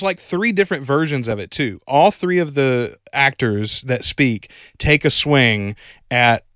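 A man's voice: fairly high pitch, fairly bright tone, dry recording, clean studio sound. A man co-hosting a podcast, chatting casually in a rambling, wry way about a movie and often correcting himself. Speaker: podcast co-host. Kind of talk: casual review chat.

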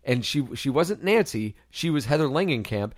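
A man of middle pitch talking movies on a podcast, his voice jumping up and down as he gets worked up. He swears freely and riffs fast. The mic is close and dry, with no room sound. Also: expressive, no room sound. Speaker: podcast co-host. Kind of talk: casual movie review chat.

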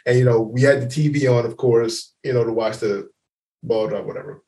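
A man co-hosting a podcast, telling a story in casual chat, laughing often and loudly acting out what people said. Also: medium pitch, a little fast, gravelly, recorded from a distance. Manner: animated, laughing, acts out quotes loudly. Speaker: podcast co-host.

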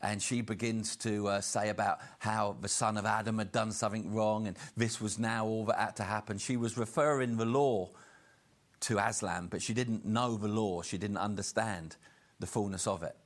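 This male preacher has a slightly low voice and gives his sermon earnestly and steadily. He slows down to lean on each key point.

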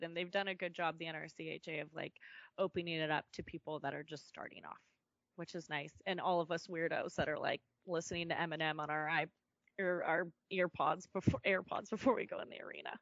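A woman's voice: on the low side, fairly quick, no echo. A woman guest on a podcast, telling stories in casual chat and acting out what people said. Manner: lively storyteller who acts out quotes. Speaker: podcast guest, comedic video creator. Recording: dull, dry lo-fi podcast audio.

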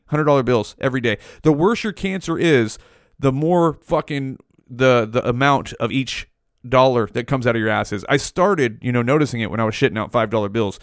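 Man in his 40s, podcast host, heated foul-mouthed rant, mid pitch, dead dry close mic. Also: no room sound. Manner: profane, heated ranting. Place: small hot home room. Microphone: mouth right up against the mic.

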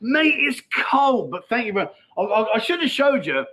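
A man in his middle years hosts a loose livestream, his voice sitting high and sounding bright and forward. He talks in a matey, easygoing way, laughs often and reads viewer comments aloud as he goes. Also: big pitch swings, normal speed, poor audio. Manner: chatty, matey, laughs easily. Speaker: livestream host. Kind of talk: casual livestream chat reading comments. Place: Pattaya, outdoors.

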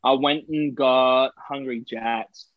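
A man's voice: medium pitch, steady tone, takes it slowly, dry recording, phone-quality sound. A young Australian man co-hosting a podcast, telling stories in casual, sweary chat and mimicking the people he quotes. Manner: sweary storytelling, puts on voices for quoted people. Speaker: podcast co-host.

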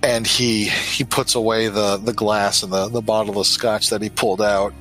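A man runs a tabletop role-playing game as game master, with a bright voice. His narration is loose and full of fillers. Faint music plays underneath. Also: on the low side, flat delivery, moderate pace, rough recording.

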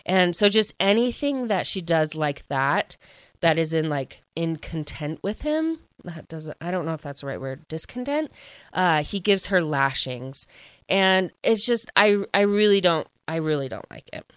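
A woman's voice: lowish voice, expressive, measured pace, clear, resonant tone, no room sound. A woman recapping a book at home in a chatty, gushing way, full of fillers. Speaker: book reviewer.

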